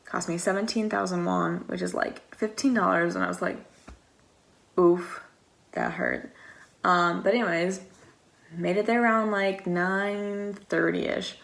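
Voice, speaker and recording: A young American woman vlogger tells a long, rambling story in a casual, chatty style, saying "like" constantly and acting out quoted exchanges. Her mid-range voice is gravelly and a bit bright, with a steady tone at normal speed.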